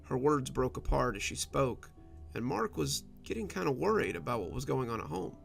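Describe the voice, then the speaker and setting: Gravelly male horror story narrator. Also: medium pitch, very animated, moderate pace. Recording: soft background music.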